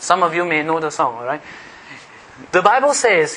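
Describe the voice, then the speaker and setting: Pastor preaching, bright fairly high voice, keeps quizzing the crowd, bit of faint noise behind. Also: male voice, fast, low-quality recording. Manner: animated, teasing the congregation with questions. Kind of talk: sermon.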